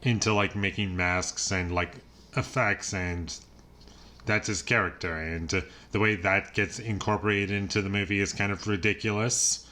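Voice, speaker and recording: A man talks through a movie review in a casual, rambling way, leaning on filler words and chuckling often. His voice sits a little low. It has a bright, forceful edge. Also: steady tone, moderate pace. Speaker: film reviewer.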